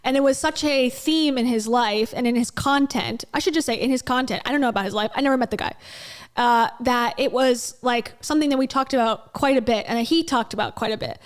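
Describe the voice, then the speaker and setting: A woman's voice: a little high, brisk. A woman giving blunt, sarcastic reaction commentary on a clip she is playing. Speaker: commentary YouTuber.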